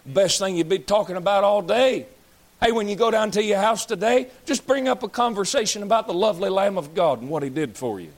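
Preaching to his congregation, a man in his 30s gives a fiery sermon that's blunt and folksy, mixing scolding with jokes. He speaks in a high-pitched voice, fairly quickly.

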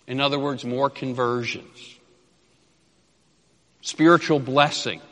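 A man preaching an expository sermon, emphatic and repeating key phrases, dropping low at the ends of phrases and reading scripture slowly. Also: sharp tone. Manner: reads scripture slowly and deliberately. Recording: long hall reverb.

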